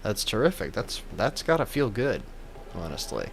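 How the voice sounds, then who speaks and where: A man's voice: on the low side, huge pitch swings, moderate pace, slight background noise. A man giving comedic gameplay commentary as a gaming YouTuber, joking in a playful, mock-reverent way.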